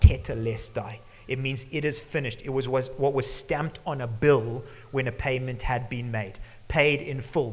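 A middle-aged male pastor preaching an earnest sermon, sometimes dropping to a hush for emphasis. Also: mid-range voice. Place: church hall. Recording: long church reverb.

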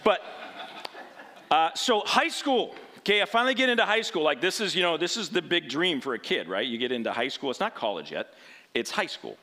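A man's voice: fairly high pitch, big pitch swings, fairly quick, bright, forceful tone. A man preaching through a rambling personal story in a conversational sermon style, often checking in with "right?".

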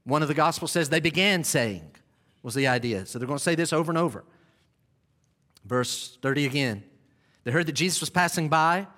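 A man preaching an expository sermon, talking listeners through a scene, repeating and restarting phrases and drawing out key words, with sudden loud cries when he acts out the scene. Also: on the high side, animated, fairly quick, long pauses.

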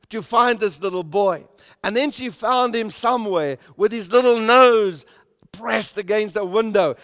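A man preaching a sermon as pastor, emphatic, swelling loud on key points and dropping to a soft, hushed tone. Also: high voice. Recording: long reverb in a hall.

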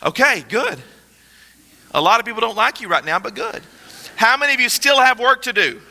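A man preaching a sermon as pastor, energetic and joking with his congregation. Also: very high-pitched, moderate pace. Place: large church hall. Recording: reverberant hall.

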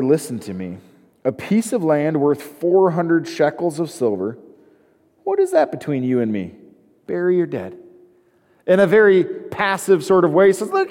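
A man's voice: a little high, a little mellow, long reverb tail. A man preaching a sermon, reading scripture aloud and then explaining it with casual asides. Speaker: pastor.

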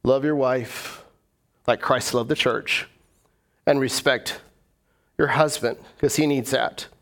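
A middle-aged man preaching a conversational sermon as pastor, joking and acting out his inner voices. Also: fairly high pitch. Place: church.

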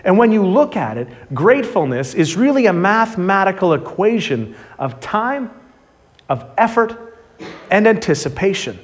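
A man's voice: high-pitched, big pitch swings, moderate pace. A man preaching a sermon in a conversational, direct way.

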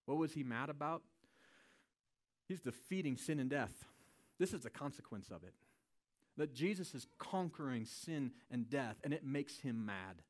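A male pastor delivers his sermon in an easygoing, conversational manner. His voice sits at an ordinary middle pitch, and he keeps checking in with the listeners with a quick "right?". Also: lively intonation. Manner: casual and conversational, often adds a questioning "right?".

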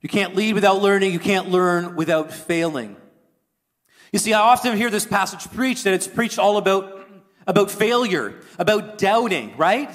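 A pastor preaches with earnest conviction, his voice pitched high for a man. At moments he pushes almost to a shout. A long reverberant tail hangs behind every phrase, like a church sanctuary. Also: lively intonation, normal speed. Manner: earnest preaching, rising to near-shouting at points. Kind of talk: sermon.

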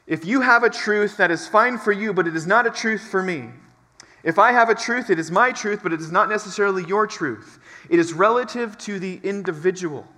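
A man preaching with a high, forceful, tense edge, pressing each point through repetition. His sermon rings out in a large church hall with a long reverb trailing behind every phrase. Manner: emphatic, building repetition. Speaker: pastor.

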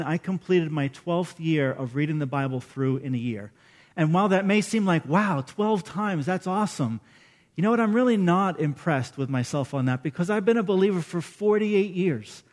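A man in his fifties preaching a sermon as pastor, chatty and emotional, often putting questions to the congregation. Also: sits high.

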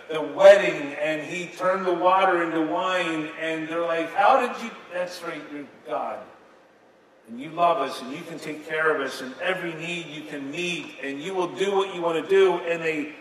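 A man preaching a sermon, retelling scenes dramatically, with sudden swings between loud and soft. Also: fairly high pitch. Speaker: pastor. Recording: echoey hall from a distance, faint ambience.

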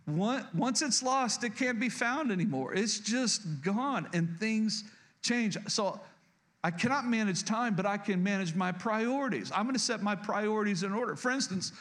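A man's voice: high voice, lively intonation, normal speed, a bit bright. A man around fifty preaching a sermon as pastor, folksy and joking, talking straight to his congregation and often repeating himself. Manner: folksy, humorous, addresses the congregation directly; repeats and restarts words.

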